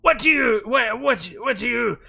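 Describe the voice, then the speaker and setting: A man's voice: very high-pitched, normal speed, bright, forceful tone, pitched above the performer's own voice, exaggerated voice. A man voicing a gluttonous male demon lobster lord who drawls and relishes his words in a tabletop game. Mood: gloating. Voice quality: gravelly, drawling.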